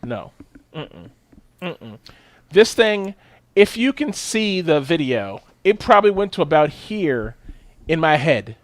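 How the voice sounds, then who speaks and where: Podcast co-host, male, high voice, dry close mic, animated profane storyteller. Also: slow, dry recording. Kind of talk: casual podcast chat, storytelling.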